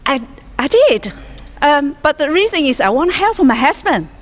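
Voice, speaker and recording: A woman being interviewed about her stage role, speaking haltingly in non-native English. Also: sits high, big pitch swings. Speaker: interviewee, amateur actor. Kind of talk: casual chat.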